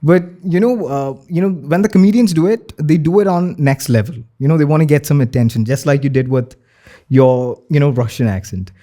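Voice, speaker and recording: Man, Indian accent, mellow tone, young adult, podcast guest, filler-heavy speech. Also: a little high, brisk. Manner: filler-heavy, lots of "you know". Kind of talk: casual chat.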